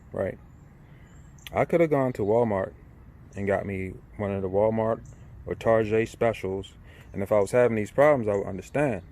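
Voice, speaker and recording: This one is a casual ranting monologue from a middle-aged vlogger who sounds angry, keeps repeating himself, curses, and often tosses in "right?". The man's voice is lowish and slightly mellow.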